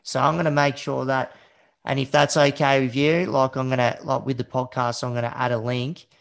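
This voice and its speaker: An Australian man hosts a podcast in a casual, hesitant manner, often calling his guest "mate". His voice sits in a middle pitch with a gravelly fry. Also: flat delivery, normal speed. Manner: friendly, says "mate", hesitant. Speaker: podcast host. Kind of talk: casual interview chat.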